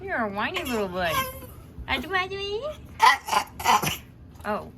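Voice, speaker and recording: A woman using baby talk with her whiny little dog, high and sing-song. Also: wildly swooping pitch, a little slow, background noise, full character voice. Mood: cooing.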